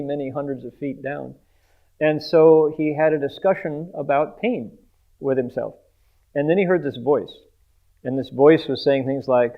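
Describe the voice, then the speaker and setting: Man, animated storyteller, sound effects, tinny phone-like sound. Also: a little high. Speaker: interviewer retelling a guest's story.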